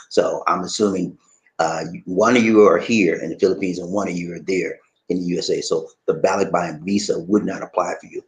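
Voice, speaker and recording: A man's voice: low voice, low-quality recording. A man from the United States hosting a live stream, answering viewers' questions in a folksy way that repeats phrases.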